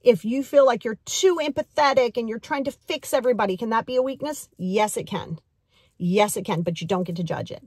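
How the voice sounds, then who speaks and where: A woman's voice: a little high, a little fast, a little mellow, husky, dry recording, studio quality. A woman in her forties giving a motivational talk as a life coach, earnest and direct, repeating key phrases for emphasis.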